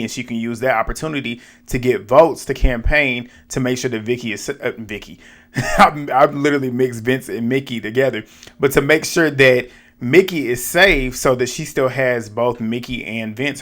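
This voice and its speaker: Blunt, slangy young man recapping a show. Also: mid-range voice. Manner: animated, blunt, slangy, talks straight to viewers. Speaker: reality show recap vlogger. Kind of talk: casual episode recap and commentary.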